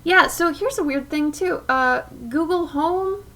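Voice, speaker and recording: High-voiced woman chatting slowly on stream. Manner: chatty, soft-spoken, drifting between asides. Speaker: live-stream artist host. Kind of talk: casual chat while drawing.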